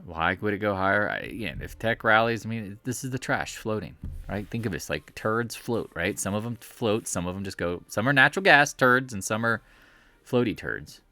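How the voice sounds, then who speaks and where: A man's voice: lowish voice, expressive, moderate pace, pushed and bright, no room sound, faint music behind. A man giving a casual, rambling, jokey commentary while reviewing stock charts at home. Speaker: market commentator.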